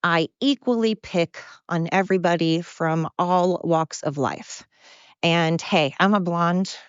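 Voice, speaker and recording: A woman's voice: on the low side, slow, clean tone, no echo, dull audio. A woman hosting a podcast, rambling bluntly and casually on her own, exhausted and winded, with a self-deprecating, meandering way of talking. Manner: chatty, blunt, self-deprecating, drifts off topic. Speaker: podcast host.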